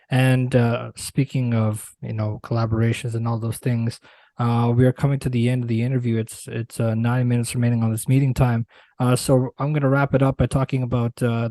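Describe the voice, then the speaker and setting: Hesitant man hosting an interview, dark voice. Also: medium pitch, no echo. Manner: hesitant, many fillers. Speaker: interview host. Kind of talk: remote interview questions.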